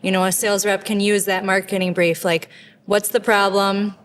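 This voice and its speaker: A woman with a Wisconsin accent, speaking as a sales manager in a casual business interview and explaining things briskly. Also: medium pitch, flat delivery, slight background noise.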